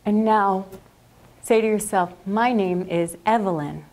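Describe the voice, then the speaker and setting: Woman calmly guiding a meditation. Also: medium pitch. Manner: slow, calm, soothing guidance. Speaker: workshop leader. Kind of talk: guided meditation. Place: classroom or workshop.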